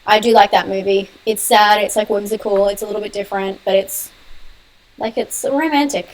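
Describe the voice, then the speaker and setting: A young woman answers her viewers' comments in a casual live-stream Q&A on her horror channel, speaking quickly and laughing often. Her medium-pitched voice is monotone, and the audio is poor.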